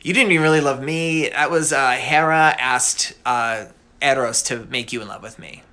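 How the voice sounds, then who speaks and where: A man's voice: mid-range voice, normal speed, bright, forceful tone, lightly acted. A man voicing a self-serving young hero making offhand excuses.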